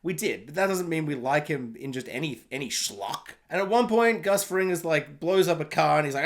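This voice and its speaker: A man with a fairly high voice rants his way through a film review. He is sarcastic and mocking, rambling from point to point and swearing freely as he goes. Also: expressive, fast, gravelly, few pauses.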